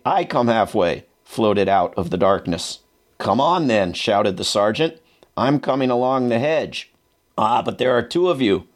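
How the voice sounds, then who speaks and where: A man reading a first-person wartime memoir aloud in a measured, unhurried way. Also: on the low side. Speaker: narrator.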